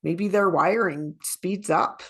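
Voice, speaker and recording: Relaxed middle-aged woman co-host. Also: fairly low pitch, takes it slowly, husky. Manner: relaxed, candid, conversational. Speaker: podcast co-host and leadership trainer. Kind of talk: casual podcast conversation.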